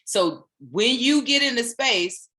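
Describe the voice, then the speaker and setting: Speaking slowly with a slightly high voice, a spiritual teacher delivers an animated, casual motivational talk in a sermon style. She returns to repeated phrases throughout.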